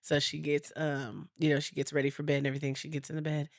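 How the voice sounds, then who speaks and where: A woman, co-hosting a podcast, lively and teasing with quick comebacks. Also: sits low, vocal fry, dry recording, studio quality. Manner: animated, teasing, quick retorts. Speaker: podcast co-host. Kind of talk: casual chat.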